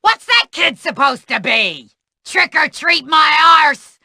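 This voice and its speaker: An actress voicing a crude, grumpy older woman who cooks for a school, yelling at children in a rough, coarse way. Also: high-pitched, animated, slow, no room sound, full character voice. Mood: grumbling. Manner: coarse, grouchy, yelling at kids. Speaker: school cafeteria cook.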